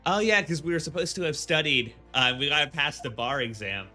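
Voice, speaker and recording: A man chats loosely while streaming a game, circling back on himself and laughing as he goes. His voice is bright and tense, sitting a little above average pitch. Faint music runs underneath. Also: brisk. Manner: rambling, full of fillers and restarts, laughing often. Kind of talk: casual game commentary.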